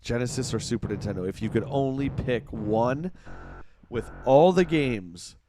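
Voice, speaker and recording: A man's voice: medium pitch, expressive, a little slow, music in the background. A middle-aged Canadian man with an Ontario accent, chatting casually on a live game stream, reading out chat and reacting to play. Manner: chatty, reads chat aloud, reacts to gameplay.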